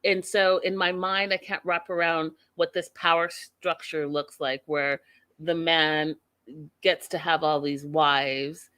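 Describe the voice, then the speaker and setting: A woman's voice: low voice, little pitch movement, takes it slowly, bright, forceful tone, clean tone, dry recording. A woman hosting a reality TV recap show, giving her opinions in blunt, outspoken, emphatic casual talk.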